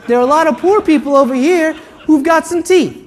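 A woman working through a stand-up set with a sarcastic, punchy delivery. Her voice sits a little high. She keeps tagging the punchlines with quick "okay?" and "right?" asides. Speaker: stand-up comedian. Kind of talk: stand-up comedy routine. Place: comedy venue with live audience.

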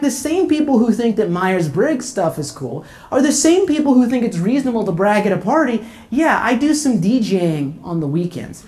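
A woman's voice: on the high side, a little mellow. A woman doing a stand-up comedy routine in a sarcastic, punchy way, tagging her jokes with "okay?" and "right?". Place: comedy venue with live audience.

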